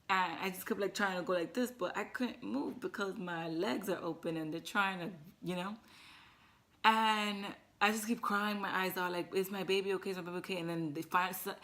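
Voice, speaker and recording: A young woman vlogger shares a personal story with the camera in casual chat, getting emotional and teary while peppering her speech with "like." Her voice is a bit bright and sits on the low side.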